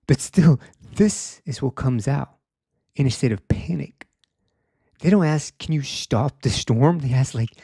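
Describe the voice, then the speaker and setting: Gravelly, dark-voiced young man preaching. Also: medium pitch, animated, measured pace, dry recording, clean studio sound. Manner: conversational, uses "like" often, acts out quotes. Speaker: speaker. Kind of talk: casual sermon.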